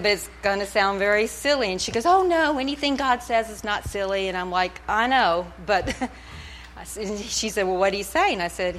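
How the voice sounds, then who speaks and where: A middle-aged woman with a mid-range, slightly bright voice tells her personal testimony at church. Nervous but chatty, she laughs a lot as she speaks into a handheld mic.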